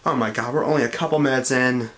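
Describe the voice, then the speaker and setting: A man's voice: mid-range voice, fairly even intonation, quick pace, fairly bright tone. A man reviewing a cartoon in sarcastic commentary, with an exasperated, mocking manner. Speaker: show reviewer. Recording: echoey room.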